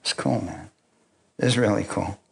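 A pastor with a gravelly, lowish voice delivers a sermon at a measured pace, weaving scripture together with personal stories. He chuckles often, shouts hallelujahs, calls out to the congregation, and swings between loud exclamations and quiet asides.

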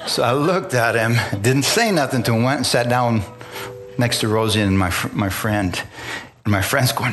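A male preacher shares his testimony with a congregation. He tells it as a story, slips into the voices of the people in it, and keeps calling for an amen. His voice sits at an ordinary middle pitch, with faint music under it. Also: expressive, normal speed. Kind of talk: testimony sermon. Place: church in front of a congregation.

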